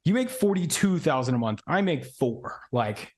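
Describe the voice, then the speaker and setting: A man's voice: a little high, big pitch swings, normal speed, darkish tone. A man in his twenties, a podcast guest telling a story in loose, slangy casual chat full of "like" and "bro". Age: 20s.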